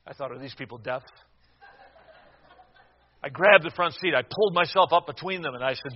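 A man in his sixties preaching a sermon, telling a personal story with dramatic swings from loud to hushed and some stammering restarts. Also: a little high, normal speed, long pauses, slightly rough.

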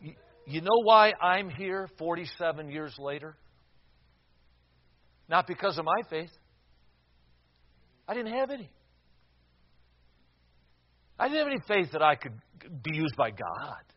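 A high-pitched older man preaches to a congregation, spinning a personal story with sudden loud bursts and quiet, hushed stretches. He stumbles over repeated words now and then. The recording sounds slightly dull and muffled. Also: big pitch swings, normal speed, long pauses. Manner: storytelling, dramatic swings from shouting to hushed.

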